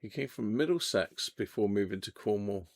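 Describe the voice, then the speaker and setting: Chatty man, gravelly voice. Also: fairly low pitch, lively intonation, normal speed. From Devon, England. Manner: chatty, jokey, reads out viewer comments. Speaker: livestream host. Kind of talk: casual live chat. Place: home radio workshop.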